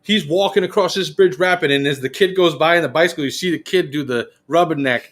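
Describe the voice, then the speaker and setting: This man's voice runs on the high side and he talks fast. Animated and profane, he narrates a story on a relaxed podcast, performing other people's lines as he quotes them.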